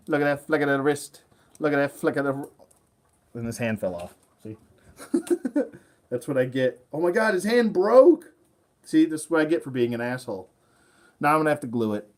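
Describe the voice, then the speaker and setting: Rambling, chuckling man showing his toys. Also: on the high side. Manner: rambling, chuckling, self-deprecating. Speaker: toy collector, channel host. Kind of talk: casual show-and-tell vlog.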